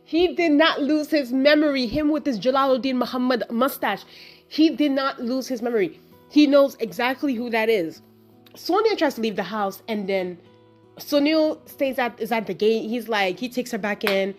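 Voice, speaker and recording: A woman giving a casual, chatty film review, animated and exasperated as she retells the plot with lots of asides and laughter. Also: high-pitched, normal speed, soft background music. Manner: exasperated storytelling, acting out her own reactions.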